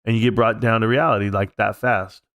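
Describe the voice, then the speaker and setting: A man's voice: lowish voice, fairly even intonation, brisk, a bit bright, no room sound. A man hosting a casual live stream from home, talking in a rambling, heartfelt, reflective way. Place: at home, alone.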